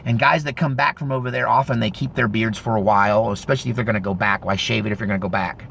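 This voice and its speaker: Fifties guy with a gravelly voice rambling through a story, fixes himself mid-sentence, faint noise behind. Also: fairly low pitch, fast. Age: 50s. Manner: rambling, animated retelling with self-corrections. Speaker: vlogger. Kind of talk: casual storytelling.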